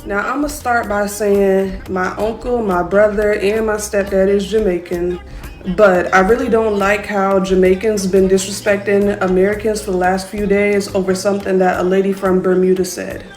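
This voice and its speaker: A woman's voice: mid-range voice, little pitch movement, normal speed, darkish tone, reverberant, soft background music. A woman speaking earnestly and disapprovingly as a social media commenter.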